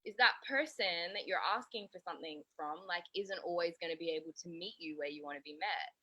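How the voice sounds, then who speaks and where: A woman talks earnestly in a relaxed chat, her voice sitting a little low with a bright, forceful edge. She speaks openly about feelings. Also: a little fast, breathy edge, dull audio. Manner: earnest, talks about self-growth with laughs and swearing. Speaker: host. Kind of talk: casual chat.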